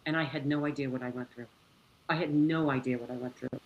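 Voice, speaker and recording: A woman speaking as an interview guest, telling a personal story in an animated, exclamatory way and laughing often. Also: extremely low pitch, fast, phone-quality sound.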